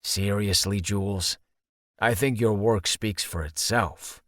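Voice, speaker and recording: A man voicing a laid-back young male jock in a low, breathy, relaxed voice. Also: takes it slowly, dry recording, studio quality. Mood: teasing.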